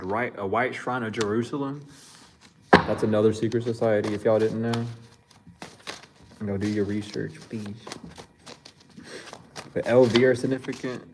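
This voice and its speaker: A man's voice: mid-range voice, a little hiss or hum. A man giving a loose, slangy psychic reading to his viewers, chuckling and thinking aloud with restarts. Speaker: psychic reader. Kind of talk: casual spiritual reading to viewers.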